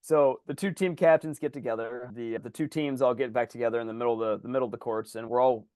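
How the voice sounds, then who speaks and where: A man spins a story at a brisk clip, animated and loose, acting out what others said and cursing without a second thought. It is a casual guest conversation on a podcast, recorded dry and close. His pitch sits in an ordinary middle range. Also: no room sound. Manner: animated, acts out other people's lines, swears freely. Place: Indianapolis area.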